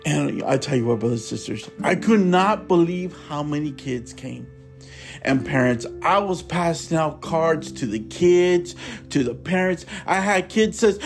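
A man's voice: high-pitched, measured pace, faint music behind. A man hosting a religious podcast who talks earnestly and fervently, repeats himself, and calls his listeners brothers and sisters. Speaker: podcast host. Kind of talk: informal religious podcast monologue.

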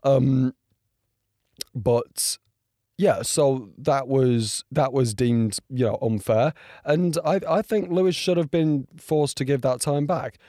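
A young man with a hoarse, strained voice, talking through a race in a casual, excitable and rambling way, full of fillers and restarts. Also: mid-range voice, slow pace, dry recording, studio quality. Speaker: motorsport video creator. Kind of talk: casual reaction and race breakdown.

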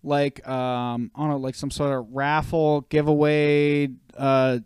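A man's voice: on the high side, flat delivery, slow pace, darkish tone, clear, resonant tone, no room sound. A man in his thirties from Canada, co-hosting a podcast and telling long rambling stories full of swearing. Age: 30s. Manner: rambling, swears a lot, storytelling. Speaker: podcast co-host. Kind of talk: casual chat.

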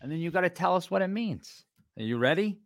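A man's voice: sits high, animated, quick pace, no room sound, studio quality. A man co-hosting a casual podcast, explaining a game in a playful, teasing way. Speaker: co-host.

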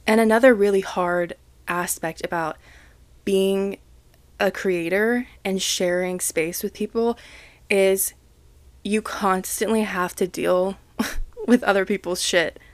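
This casual solo podcast is hosted by a young woman at home, where other people keep coming and going. Her medium-pitched voice is fairly even in intonation and a little slow, with no echo, while she frankly vents, jokes at her own expense, swears and laughs.

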